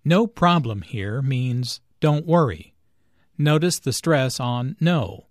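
A man reading a scripted English lesson, explaining grammar slowly and clearly. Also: medium pitch, animated, no room sound, clean studio sound. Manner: slow, clear, carefully enunciated. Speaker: English teacher. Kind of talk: scripted language lesson with dialogues.

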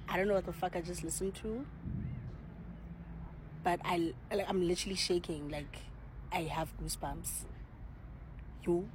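A woman with a South African accent, reacting in a vlog with excited exclamations, swearing and repeated, earnest pleading. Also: lowish voice, slow pace, long pauses, noisy background. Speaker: reaction vlogger. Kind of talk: emotional reaction and pleading to camera.

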